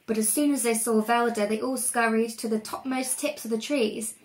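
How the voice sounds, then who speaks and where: A woman reading a picture book aloud to children in a lively, expressive way. Her voice sits a little high for a woman. She shapes the story with gentle, playful emphasis. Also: moderate pace, poor audio. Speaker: reader.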